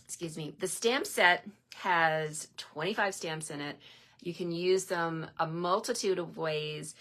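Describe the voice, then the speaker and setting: A woman's voice: on the low side, a bit bright. A middle-aged woman chatting casually on a live stream from her home craft room, upbeat and greeting viewers by name. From Newfoundland, Canada.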